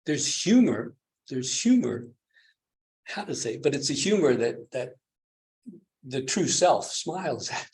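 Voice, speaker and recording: Male retreat teacher, dharma talk, chuckling, mid-pitched, keeps checking in with listeners. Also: sing-song, takes it slowly, pauses often, darkish tone. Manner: chuckling, keeps asking the listeners "do you see?".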